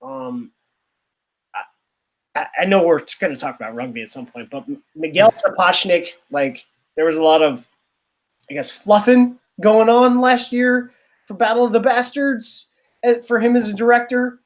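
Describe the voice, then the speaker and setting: A man's voice: high-pitched, moderate pace. A man co-hosting a podcast in casual chat, rambling and sarcastic, often trailing off. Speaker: podcast co-host.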